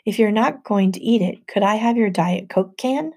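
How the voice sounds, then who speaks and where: A woman's voice: mid-range voice, moderate pace, a little mellow, breathy edge. A woman voicing a timid young satyr boy in an audiobook. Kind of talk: audiobook narration.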